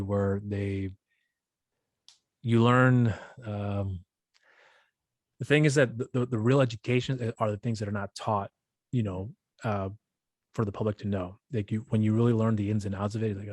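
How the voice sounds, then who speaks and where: A man's voice: fairly low pitch, a little mellow, no room sound, clean studio sound. A man hosting a casual interview podcast, asking long rambling questions with restarts. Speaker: podcast host.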